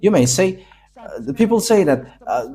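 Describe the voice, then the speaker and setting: Male preacher, emphatic sermon delivery, mellow dark tone. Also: sits high, big pitch swings, moderate pace, slightly rough. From Madagascar. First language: Malagasy.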